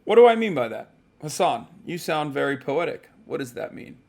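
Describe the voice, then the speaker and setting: A man chats casually on a livestream from a hotel room, rambling and cursing freely. His voice sits a little high for a man. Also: very animated, normal speed, vocal fry, darkish tone. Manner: profane, rambling, joking.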